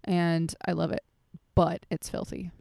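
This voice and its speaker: Blunt, gravelly young woman, dry close mic. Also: lowish voice, level tone, a little slow, warm tone, no echo. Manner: blunt, sarcastic, swears freely. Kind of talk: casual chat. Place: Los Angeles area, late at night outdoors.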